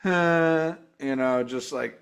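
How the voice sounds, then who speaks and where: A man hosting a casual live review chat, swearing freely and getting excited. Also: medium pitch, takes it slowly, vocal fry. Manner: profane, excitable, mimics guitar sounds. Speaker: show host.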